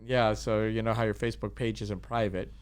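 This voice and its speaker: A man's voice: on the low side, level tone, fairly quick, clean tone. A man chatting casually as a podcast guest, rambling with many fillers and restarts. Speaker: guest, kayak tour business owner.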